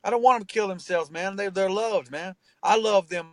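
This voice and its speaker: A man with a high voice speaks earnestly and emphatically, tossing in "man" and "bro" and swearing freely. The sound is dry and close to the mic, with no room around it. He tells his story with heartfelt intensity. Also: a little fast, dry recording, low-quality recording. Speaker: rapper and tattoo artist, guest. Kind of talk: candid interview talk.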